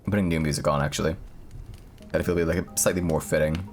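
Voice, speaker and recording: A man's voice: a bass voice, fairly even intonation, fast talker, faint music behind. A young man live-streaming, chatting casually with viewers in a rambling, profane way. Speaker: streamer reading horror stories.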